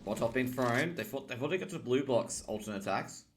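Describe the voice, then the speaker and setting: A male esports caster runs play-by-play on a shooter match, rattling off buys and positions in quick call-outs. His voice sits at an ordinary middle pitch. He jumps up in pitch and volume whenever a player gets a kill. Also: animated, slight background noise. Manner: rapid call-outs that lift sharply on kills. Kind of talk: play-by-play game commentary.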